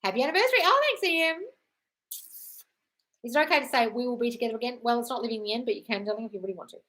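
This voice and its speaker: A woman's voice: fairly high pitch, steady tone, very fast. Blunt, sweary Australian woman on a live stream. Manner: blunt, sweary, calls viewers darling; reads viewer comments aloud. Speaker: manifestation coach answering live chat questions.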